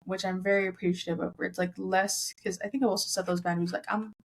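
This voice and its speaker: Chatty young woman from Southern California. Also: mid-range voice. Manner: chatty, heavy use of "like", acts out family members' lines. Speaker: podcast guest. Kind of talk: casual chat.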